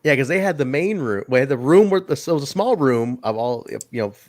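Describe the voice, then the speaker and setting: A man's voice: medium pitch, lively intonation, fast talker, a little mellow, no room sound, studio quality. A man hosting a casual podcast, swearing freely and laughing through his anecdotes. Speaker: podcast host.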